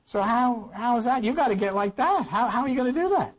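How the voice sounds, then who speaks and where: A man's voice: very high voice, animated, quick pace. A man teaching an informal Bible study class, emphatic and full of rhetorical questions, coughing now and then.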